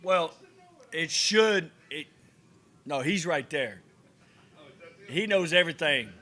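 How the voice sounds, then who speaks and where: A man's voice: a little high, slow. A man co-hosting a casual podcast in a cigar lounge, telling stories and acting out conversations. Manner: animated storyteller who acts out conversations. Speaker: podcast co-host. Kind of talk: casual banter and storytelling.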